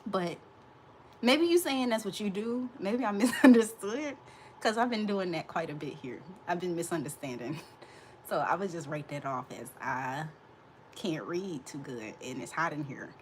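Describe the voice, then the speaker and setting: A woman's voice: on the low side, expressive, normal speed. Woman, thirties, livestream host, sassy, talks back to chat, light room noise. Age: 30s. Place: hot indoor room.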